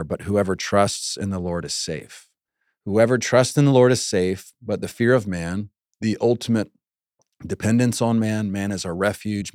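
A man's voice: fairly low pitch, darkish tone, no room sound, clean studio sound. A man hosting a faith podcast, teaching in an earnest, conversational way with the odd laugh. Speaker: podcast host and Bible teacher. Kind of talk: casual teaching talk.

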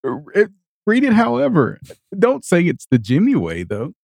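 A man's voice: high voice, wildly swooping pitch, moderate pace, creaky, darkish tone, slightly rough, dry recording, studio quality. A man co-hosting a podcast in casual chat, laughing often and speaking expressively. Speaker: podcast co-host.

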